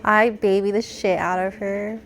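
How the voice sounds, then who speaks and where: A woman's voice: medium pitch, level tone, unhurried, fairly bright tone. A young woman streaming, chatting casually and slipping into cooing baby talk to praise her cat.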